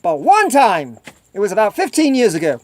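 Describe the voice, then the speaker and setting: High, lively rambling man on a dry mic. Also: moderate pace, dry recording. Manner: rambling, repetitive storytelling; acts out other people's voices in a high squeal. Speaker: vlogger. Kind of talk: rambling solo video chat.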